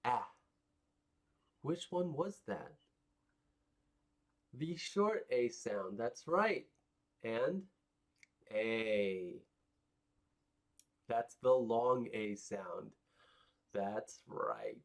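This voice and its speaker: Very slow, patient phonics teacher man. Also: medium pitch, sing-song, vocal fry. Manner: patient, encouraging, drawn-out. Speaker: children's English phonics teacher. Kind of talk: teaching young learners.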